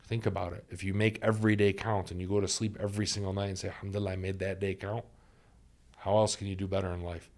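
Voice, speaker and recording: A man with a low, deep voice speaks as a podcast guest, talking through life lessons in an earnest, reflective way. He leans on repeated phrases to drive a point home. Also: level tone, fast, a little mellow. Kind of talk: reflective conversational storytelling.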